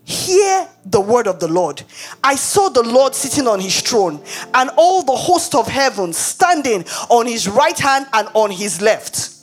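A woman's voice: a little high, sing-song, a little slow, faint music behind. A woman acting out a stubborn, defiant male prophet who proclaims his words solemnly and emphatically. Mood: proclaiming.

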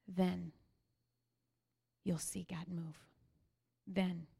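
A woman preaching a sermon, telling stories with energy and then sinking to soft whispers. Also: lowish voice, extremely slow, creaky, slightly rough. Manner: animated storytelling that sinks to soft whispers.

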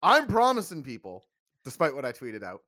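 A man's voice: a little high, wildly swooping pitch, moderate pace, bright, forceful tone. A man hosting a podcast in casual chat, with a wry, downbeat sense of humor. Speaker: podcast host.

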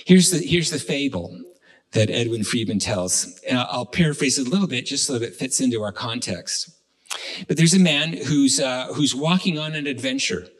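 A man's voice: medium pitch, lively intonation, poor audio. A man preaching a sermon, retelling a fable with frequent restarts. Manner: halting, with many restarts and fillers. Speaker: pastor. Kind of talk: sermon storytelling.

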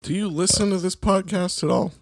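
A man's voice: high-pitched, brisk, gravelly, no echo, clean studio sound. A man co-hosting a podcast over a video call, chatting casually and teasing the guest. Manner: teasing, joking. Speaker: podcast co-host. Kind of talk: casual chat.

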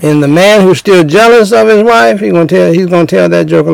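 Gravelly man preaching relationship advice. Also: high voice, quick pace, few pauses, poor audio. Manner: emphatic, repetitive, acts out scenes. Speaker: speaker giving relationship advice.

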